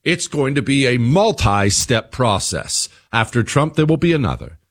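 A man's voice: mid-range voice, big pitch swings, normal speed, breathy edge. A man hosting his own radio show, talking straight to listeners in an emphatic monologue that leans on repeated phrases.

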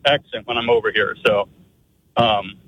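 A man's voice: lowish voice, normal speed, a bit bright. A man from Pennsylvania calling in to a radio show, polite and a little hesitant. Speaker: caller. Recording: dull phone line.

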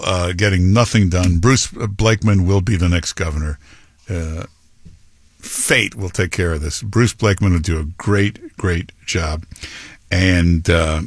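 A man's voice: sits low, creaky, breathy edge, no echo, clean studio sound. A man hosting a talk show, delivering rambling, opinionated political commentary. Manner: rambling, opinionated, with quoted impressions. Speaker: talk radio host.

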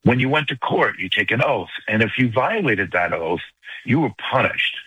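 An older man with a New York accent calls in to a radio show and makes his point fast and emphatically. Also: medium pitch, sing-song, sharp tone, breathy edge, dry recording, highs cut off. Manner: fast, emphatic, talks at length. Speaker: caller. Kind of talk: call-in radio talk.

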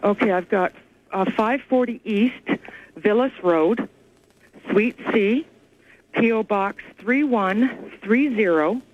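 A woman calling in to a radio show, telling her story in an excited, rambling way over a phone line. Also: mid-range voice, slow pace. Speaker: caller.

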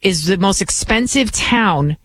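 A woman's voice: mid-range voice, lively intonation, a little slow, fairly bright tone, slightly rough, rough recording. A woman filling in as a talk radio host, delivering blunt, combative and opinionated commentary.

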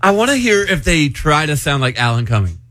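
A man's voice: on the high side, big pitch swings, a little fast, fairly bright tone, a little hiss or hum. A man hosting a morning radio show, breezy, leading the segments and laughing easily. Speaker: radio host. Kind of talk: casual morning radio chat.

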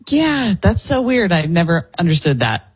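A man's voice: sits high, very animated, moderate pace, husky. A young man co-hosting a radio show, giving short dry replies. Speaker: radio co-host. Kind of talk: casual radio banter.

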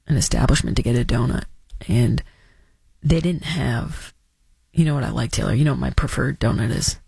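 A woman's voice: a bass voice, normal speed, vocal fry, darkish tone, breathy edge, no room sound. A woman hosting a radio talk show, chatting in a sarcastic, mock-dramatic way. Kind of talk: casual opinionated chat.

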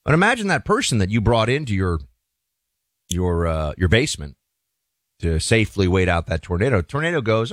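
A man's voice: lowish voice, big pitch swings, a little fast, no room sound. A man hosting a talk show, giving an emphatic, opinionated monologue with folksy asides to the listeners.

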